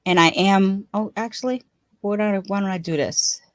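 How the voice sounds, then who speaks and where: A woman's voice: mid-range voice, moderate pace, no echo. Chatty woman streamer, dry close sound. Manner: chatty, laughs often, restarts and rambles. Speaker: livestream host. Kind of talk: casual live-stream chat.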